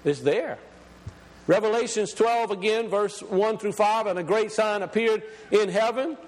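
A man preaching a sermon, emphatic, reading scripture slowly and deliberately. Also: sits high, a little mellow, big-room sound.

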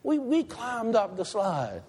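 Slow and slightly rough, a high, lively male voice delivers a sermon. The pastor swells to loud, forceful climaxes, then sinks into hushed, intimate asides, with a long, church-hall reverb behind him.

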